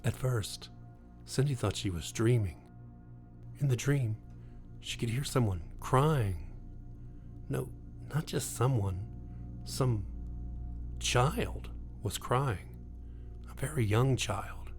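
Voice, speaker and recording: Brief: male storyteller, mid-pitched, slow and even, faint music behind. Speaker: narrator. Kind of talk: scripted ghost story narration.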